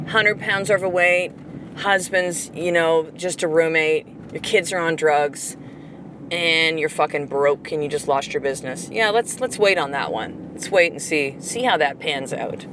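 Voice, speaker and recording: Middle-aged woman host, low-pitched, blunt and profane, coaching her listeners, faint noise behind. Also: moderate pace. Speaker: podcast host. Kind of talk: motivational podcast monologue.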